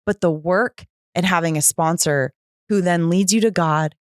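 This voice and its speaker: A woman in her thirties, a podcast guest telling a candid personal story and acting out the voices of others with lively pitch jumps. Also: normal speed, no room sound, clean studio sound. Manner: animated, acts out quoted voices with pitch jumps.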